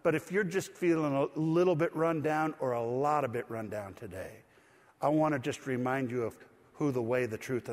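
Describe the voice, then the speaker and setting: A middle-aged male pastor preaching a conversational, animated sermon with light humor and asides. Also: medium pitch, big-room sound. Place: church.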